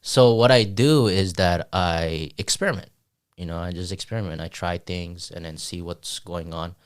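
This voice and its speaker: Man, low voice, podcast co-host, casual chat, halting, restarts sentences, casual swearing. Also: clean tone. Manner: laughs often while talking.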